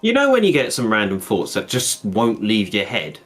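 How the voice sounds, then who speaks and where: Male stream co-host, animated pitch, rambling casual chat, light music behind. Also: normal speed. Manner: rambling, laughs while talking. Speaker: co-host guest on a game stream.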